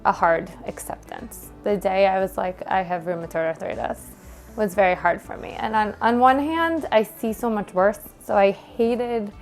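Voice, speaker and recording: A woman in her thirties with a New York accent speaks in a gravelly, fry-laden voice, telling her own story in a halting, emotional way with plenty of fillers and restarts. A little music plays faintly underneath her. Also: medium pitch. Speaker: gym member interviewed by her coach. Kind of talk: candid personal conversation.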